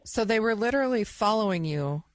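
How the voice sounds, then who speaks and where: A woman co-hosting an interview, breaking in with quick follow-up questions. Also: medium pitch, lively intonation, no room sound.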